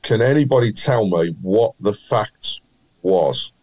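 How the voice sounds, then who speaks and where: A man's voice: fairly low pitch, animated, slow, a little mellow, poor audio. A man with a Birmingham accent hosting a football quiz on a casual podcast, stretching out his clues and teasing the panel. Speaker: quiz host.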